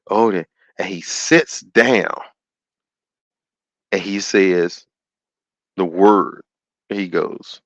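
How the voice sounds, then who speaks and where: A man hosting a call-in show, retelling a story in an animated, sermon-like way and acting out the quotes. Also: low-pitched, drawn-out words, pauses often, dry recording, highs cut off.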